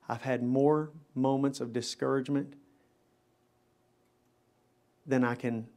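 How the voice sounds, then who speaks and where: A man's voice: on the high side, a little mellow. A middle-aged man, a pastor, preaching a live chapel sermon in an emphatic, dramatic style that builds in intensity. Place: chapel service.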